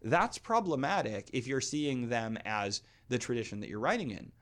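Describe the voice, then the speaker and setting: A man talks through classical poetry on his podcast in a thoughtful, lecturing way. He reads passages of translated verse aloud and often restarts his sentences as he works out an idea. His voice sits at an ordinary middle pitch. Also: expressive, moderate pace, fairly bright tone.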